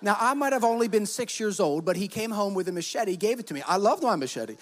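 Brief: male pastor, high voice, lively storyteller, church hall reverb. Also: fast talker. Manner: animated storytelling, acts out quotes. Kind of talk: sermon with personal stories.

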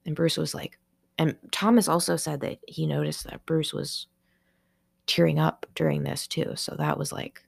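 A young woman talks alone on her podcast, her voice low-pitched and thick with vocal fry. She rambles and restarts, leaning on "like" as she works through something emotional. The sound is close and dry, with no room around it. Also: level tone, normal speed, dry recording. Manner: emotional and rambling, heavy with filler "like"; searching, restarting sentences while processing aloud. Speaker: podcast host. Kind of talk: personal podcast monologue.

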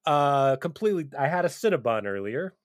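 A man's voice: fairly high pitch, sing-song, a little fast, crowd noise. A man co-hosting a podcast, rambling in loose chat full of "like" and restarts. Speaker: podcast co-host. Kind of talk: casual podcast banter.

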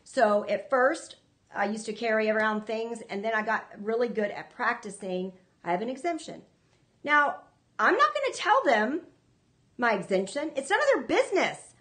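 A woman's voice: fairly high pitch, very animated, normal speed, a bit bright. A woman hosting a ministry show, preaching to viewers in an earnest, emphatic way, often repeating herself. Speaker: ministry host.

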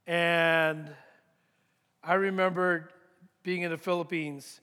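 A high-pitched man delivers a sermon as a pastor, slowing and pausing to drive his points home and repeating them for weight. His voice rings out with a long reverb, as in a large church sanctuary. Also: flat delivery, sharp tone, smooth. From United States. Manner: deliberate, repeats key points with emphatic pauses.

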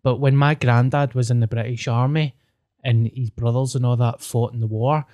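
A man's voice: mid-range voice, steady tone, moderate pace, mellow. A young Scottish man in casual conversation, telling stories in a chatty way and swearing now and then. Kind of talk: casual chat.

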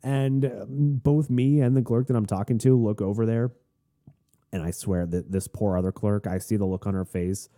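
Speaking at a moderate pace, a podcast host with a fairly low, mellow voice and fairly even intonation rambles through a long anecdote. His humor is wry and self-deprecating, the storytelling casual. He has a neutral, non-Southern American accent.

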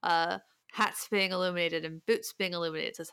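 A young woman co-hosting a podcast, with a smooth, clear voice and a teasing, easy manner. She laughs often as she chats, and she is recorded dry and close to the mic. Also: fairly low pitch, steady tone, fairly quick, sharp tone, dry recording. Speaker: podcast co-host and editor. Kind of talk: casual chat.

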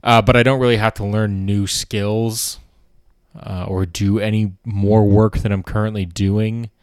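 A man's voice: on the low side, little pitch movement, unhurried, clear, resonant tone, no echo, studio quality. A man hosting a podcast in a casual comedic monologue, rambling and sardonic and swearing freely. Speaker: podcast host.

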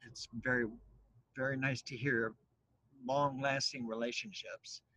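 A man hosting an interview, soft-spoken and brief in his remarks. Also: medium pitch, level tone, unhurried, a little hiss or hum, low-quality recording. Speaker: podcast host. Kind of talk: casual interview.

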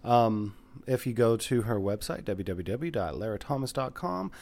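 A man hosting a podcast, chatting casually and running through plugs in a relaxed way. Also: on the low side, moderate pace, gravelly. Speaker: podcast host. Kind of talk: casual group chat.

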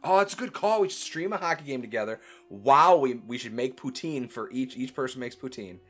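A man's voice: medium pitch, expressive, brisk, fairly bright tone. A man playing a tabletop game, talking in a rambling, casual way, swearing and saying "like" often. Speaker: player.

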